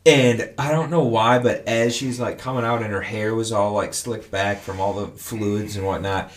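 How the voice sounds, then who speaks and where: A man's voice: lowish voice, steady tone, normal speed, few pauses. A man, a new father, chatting casually and telling stories animatedly, swearing now and then. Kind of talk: casual chat, storytelling.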